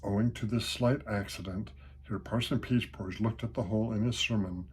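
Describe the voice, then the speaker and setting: A man's voice: lowish voice, fairly even intonation, brisk, husky. Older man reading a storybook aloud. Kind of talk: reading a picture book aloud.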